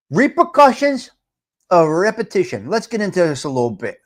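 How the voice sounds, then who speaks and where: An older man hosting a live morning talk stream. He talks loudly and emphatically, greets chat viewers by name and repeats his points for effect. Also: sits high, wildly swooping pitch, normal speed. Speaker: livestream host.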